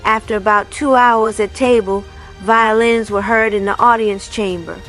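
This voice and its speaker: A woman reading a fairy tale aloud in a measured, even way. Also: medium pitch, faint music behind. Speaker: storyteller. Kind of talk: storybook reading.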